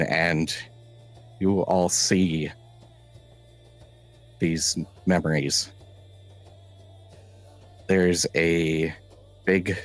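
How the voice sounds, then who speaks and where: A man narrating a tabletop role-playing game as game master, telling the scene in a halting, measured way with frequent restarts. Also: low voice.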